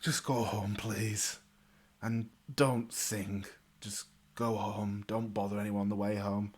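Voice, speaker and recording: A man's voice: mid-range voice, fairly even intonation, normal speed, gravelly, husky. A man voicing a weary, stern male knight captain who groans and gives clipped orders in a tabletop game.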